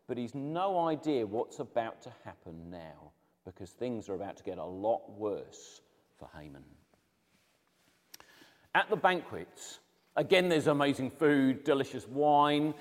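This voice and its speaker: A man teaching a Bible lesson, retelling the story dramatically and speaking to his viewers directly. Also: on the high side. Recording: reverberant room.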